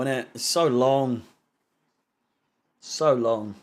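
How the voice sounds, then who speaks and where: A man's voice: medium pitch, takes it slowly. A young man doing live football watch-along commentary, ranting in frustration, swearing and sarcastic. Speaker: fan channel co-host.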